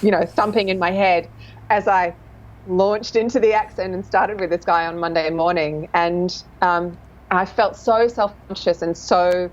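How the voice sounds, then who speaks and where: Low, thoughtful woman dialect coach. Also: steady tone, measured pace, muffled recording. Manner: thoughtful, searching for words with many fillers. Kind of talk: casual interview chat.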